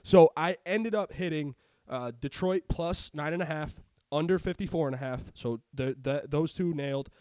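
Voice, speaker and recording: A man's voice: a little high, normal speed, dry recording. A man hosting a sports betting podcast, talking casually and ranting with lots of swearing. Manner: profane, ranting, animated. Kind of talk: casual chat.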